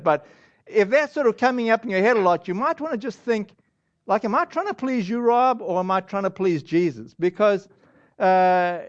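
A man's voice: sits high, muffled recording. A man preaching a sermon as pastor in a loose, conversational way, often restarting and acting out what people in the congregation might say. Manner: conversational, with many restarts and acted-out quotes of congregants.

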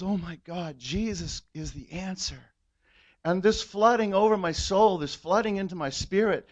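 A man's voice: high voice, lo-fi sound. A man telling a heartfelt personal testimony in church, earnest storytelling that swells when he is moved. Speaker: guest giving testimony.

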